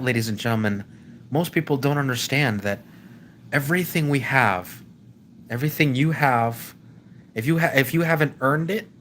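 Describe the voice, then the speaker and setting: A man's voice: medium pitch, slight background noise. Rambling man holding forth to his viewers. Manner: rambling, with many restarts and stumbles; keeps addressing the audience as "ladies and gentlemen". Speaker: live stream host. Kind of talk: casual opinion monologue.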